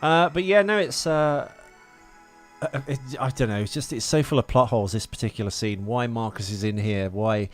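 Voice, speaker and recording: A man's voice: medium pitch, moderate pace, soft background music. Rambling man chatting about films. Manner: rambling, hesitant, lots of uh and restarts. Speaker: podcast co-host. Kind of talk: casual film chat.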